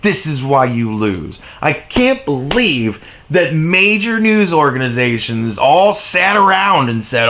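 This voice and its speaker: A man delivering an angry political rant as a commentary vlogger, sarcastic and mocking, full of profanity, jumping from exasperated highs to low mutters. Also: sing-song, slow, hardly any pauses, bright, forceful tone.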